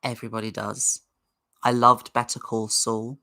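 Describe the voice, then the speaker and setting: A woman's voice: very deep voice, little pitch movement, moderate pace, pushed and bright. A woman hosting a casual livestream, chatting in a rambling way and greeting viewers in the chat. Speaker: livestream host.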